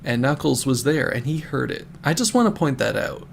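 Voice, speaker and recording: A man's voice: medium pitch, big pitch swings, a little fast, gravelly, a little hiss or hum. A man streaming live who reads a silly story aloud and breaks off for amused, laughing comments. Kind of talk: comedic dramatic reading with asides.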